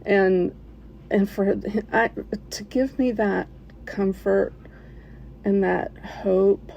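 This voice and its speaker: A woman telling a personal story as a podcast listener, in an emotional, halting way with soft laughs. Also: mid-range voice, gravelly, muffled recording, slight background noise.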